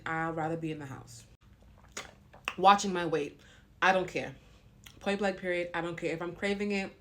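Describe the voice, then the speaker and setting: A pregnant young woman talking to camera in a casual vlog, frank and long-winded. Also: on the low side. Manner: blunt and frank. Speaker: vlogger.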